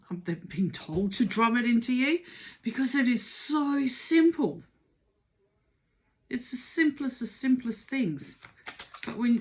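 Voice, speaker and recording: A middle-aged woman talks through a tarot reading in a loose, conversational way. She is emphatic and urging, circling back and repeating phrases to drive each point home, in a voice that sits somewhat high for a woman. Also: slight background noise. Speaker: tarot reader. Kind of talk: casual spoken tarot reading.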